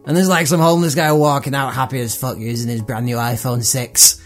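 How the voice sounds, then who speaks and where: A man's voice: medium pitch, fairly even intonation, a little fast, soft background music. A man hosting a comedy podcast, riffing irreverently and profanely on news items. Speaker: podcast host. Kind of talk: comedic monologue reading tweets.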